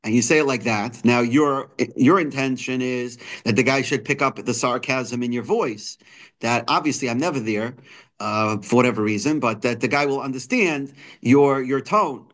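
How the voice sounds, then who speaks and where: A man's voice: medium pitch, normal speed, fairly bright tone. Man teaching a religious text, reads a line then explains it, lots of ums and restarts, mid-range voice. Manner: explains Hebrew quotes in English, many restarts and fillers. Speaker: Torah teacher. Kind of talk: daily text lesson.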